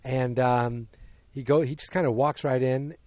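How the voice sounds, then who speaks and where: A man's voice: mid-range voice, steady tone, darkish tone, no room sound. A man casually recapping a movie on a podcast, rambling, losing his place and acting out bits of dialogue. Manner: rambling, loses his place, acts out lines in quick voices. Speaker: podcast host.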